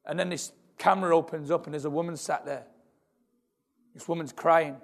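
Male preacher, slightly high gravelly voice, earnest and building, church reverb. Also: steady tone, moderate pace. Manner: earnest, repetitive, building in intensity. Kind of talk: sermon. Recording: long hall reverb.

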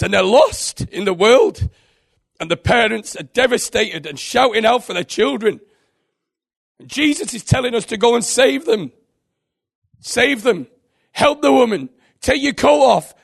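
A man's voice: high-pitched, creaky. A man preaching a sermon, telling an earnest and emotional testimony.

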